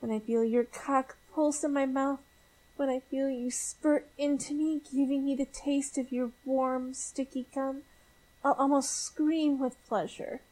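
High soft elf girl played by a woman, needy and breathy, slow and drawn out. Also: steady tone, poor audio. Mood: pleading.

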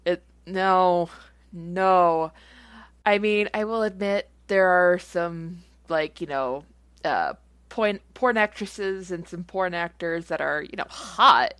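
A woman's voice: fairly low pitch, slow pace, a bit bright, clear, resonant tone, no echo. A woman chatting casually as she answers listener questions. She rambles with lots of fillers and giggles. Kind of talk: casual chat.

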